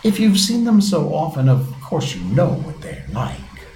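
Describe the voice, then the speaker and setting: A man voicing a melancholy, easily offended male mock turtle who speaks slowly and mournfully. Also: on the high side, big pitch swings, a little mellow, pitched above the performer's own voice. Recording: roomy with faint hiss.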